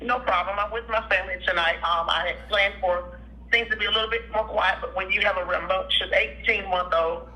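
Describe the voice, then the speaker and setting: A woman's voice: medium pitch, fairly even intonation, fairly quick, sharp tone. A woman calling in as a guest, friendly and modest, heard over a tinny phone line. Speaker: caller guest. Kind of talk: phone conversation.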